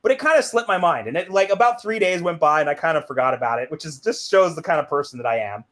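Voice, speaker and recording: Lively, animated man telling stories. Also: fast talker. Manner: animated, acts out quoted dialogue with big pitch jumps. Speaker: guest. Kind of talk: candid interview storytelling.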